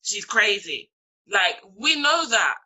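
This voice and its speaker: A woman, co-hosting a casual chat and telling lively stories that act out both sides. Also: mid-range voice, slow pace, poor audio. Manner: animated storytelling, acts out both sides. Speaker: podcast co-host.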